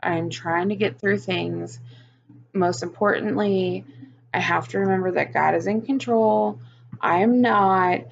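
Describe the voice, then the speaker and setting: A woman with a gravelly edge to her voice, venting openly in a personal vlog and swearing freely. The recording sounds a bit muffled. Faint hiss sits underneath. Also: medium pitch, unhurried. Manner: frank, swears often, venting. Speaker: vlogger.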